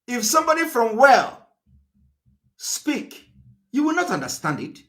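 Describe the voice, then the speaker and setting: Male broadcaster, high bright voice, emphatic speech with repeated rhetorical questions. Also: sing-song, a little slow. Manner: emphatic, repetitive, asks the audience rhetorical questions; fillers and restarts, pitch swings up and down. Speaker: political broadcaster. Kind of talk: live political broadcast speech.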